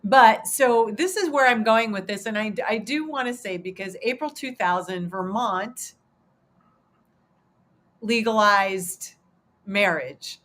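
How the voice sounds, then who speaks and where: A woman's voice: mid-range voice, slow, a bit bright. A woman in her fifties hosting a casual livestream chat, talking in an emotional, rambling way with many restarts and fillers. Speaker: host.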